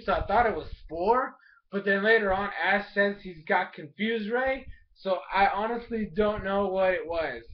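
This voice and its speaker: A man recapping a cartoon episode in an excited, casual way, full of "like" and mild cursing. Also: high voice, highs cut off. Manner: animated, fills speech with "like", mild cursing. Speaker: episode reviewer.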